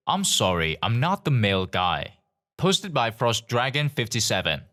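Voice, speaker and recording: Lively male story narrator. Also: on the low side. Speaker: narrator of online stories. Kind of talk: reading forum stories aloud.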